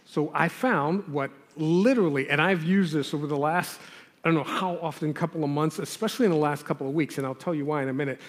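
A male pastor preaching a sermon in a conversational, earnest way, pressing hard on key words. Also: fairly high pitch. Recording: long hall reverb.

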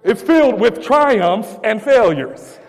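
High-voiced shouting preacher in a hall. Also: male voice, expressive, slow pace. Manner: call-and-response preaching, stammering restarts, rising to shouts. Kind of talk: sermon. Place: church. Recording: long reverb of a church hall.

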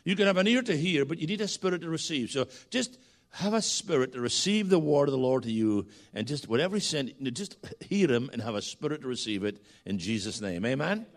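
A man's voice: a little high, big pitch swings, fairly quick. A Scottish man preaching as a guest in a church, joking with the congregation and calling for responses. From Scotland. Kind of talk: sermon.

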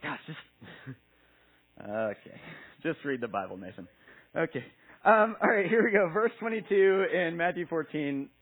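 A man's voice: fairly high pitch, big pitch swings, measured pace, pauses often, breathy edge, narrow, tinny audio. A man preaching a casual sermon who reads scripture and then retells the story playfully, acting out the characters.

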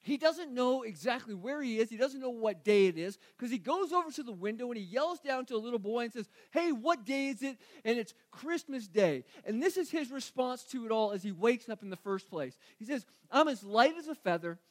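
A man's voice: extremely high pitch, expressive, a little fast, few pauses. A man preaching a sermon as a pastor, earnest, often repeating phrases and asking rhetorical questions.

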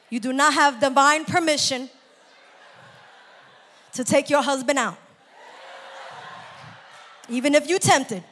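A woman preaches in a lively, chatty way and laughs often. Her voice sits high and bright, and a long church reverb trails after her words. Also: slow, pauses often, slight background noise. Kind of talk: sermon.

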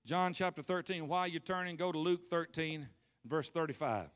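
A man preaching a lively sermon, calling out to the congregation and acting out scripture scenes. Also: on the high side, normal speed. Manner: animated, calls for responses, acts out scenes.

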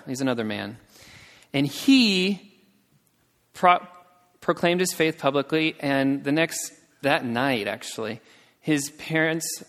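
A man telling a missionary story in a sermon, growing emotional and acting out the people he quotes. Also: fairly bright tone. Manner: emotional storytelling, acts out quotes with raised pitch. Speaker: missionary speaker. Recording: long reverb of a large hall.

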